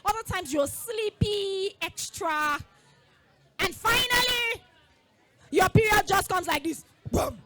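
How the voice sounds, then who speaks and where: High, slow, animated woman. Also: slight background noise. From Nigeria. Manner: animated, call-and-response, coaxing children to repeat. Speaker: school founder speaking to girls. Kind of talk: lively talk to children. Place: festival event space.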